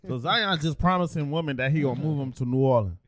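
A man's voice: a little high, fast, a crowd in the background. A man co-hosting a casual podcast, talking loosely and teasing, reading posts aloud. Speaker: podcast co-host. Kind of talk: casual chat.

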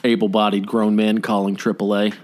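A man's voice: fairly low pitch, flat delivery, brisk, a little mellow. A man co-hosting a podcast in casual chat, telling stories in a laid-back, rambling way with joking asides. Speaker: podcast co-host.

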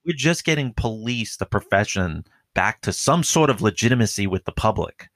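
A man's voice: on the low side, expressive, moderate pace, a bit bright, no echo. A man who is a police officer, talking casually and profanely, rambling with lots of "like" and "dude.". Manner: rambling, profane, heavy use of filler "like". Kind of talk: casual podcast chat.

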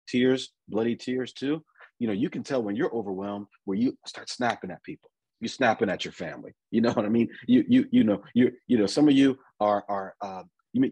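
A man preaching a conversational sermon, often repeating and restarting his words and reading scripture slowly. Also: medium pitch, warm tone, breathy edge, no echo, poor audio.

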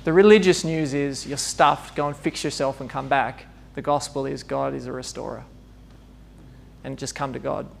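A man's voice: medium pitch, fairly even intonation, normal speed, gravelly, a little hiss or hum. A man giving an informal, conversational sermon, laughing often and acting out bits of dialogue. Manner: chatty, laughing asides, acts out dialogue. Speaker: preacher.

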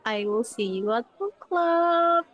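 A woman's voice: a little high, animated, slow, a bit bright, lo-fi sound. A woman playing a tabletop game, talking in a friendly way. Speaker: player.

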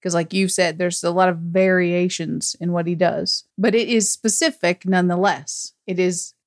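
A woman's voice: fairly low pitch, fairly even intonation, normal speed. An American woman co-hosting a casual movie review chat, wry and teasing, laughing easily. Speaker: podcast co-host.

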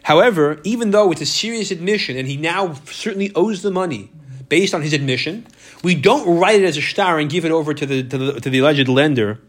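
A man's voice: a little high, brisk. Man teaching a Talmud class. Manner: explains step by step, repeats words, restarts often. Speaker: Torah teacher.

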